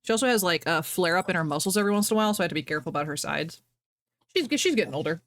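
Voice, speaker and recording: A woman's voice: on the low side, lively intonation, rapid-fire, a bit bright. A woman streamer chatting casually to her viewers from her home office, bubbly, rambling and self-deprecating. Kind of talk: casual live-stream chat.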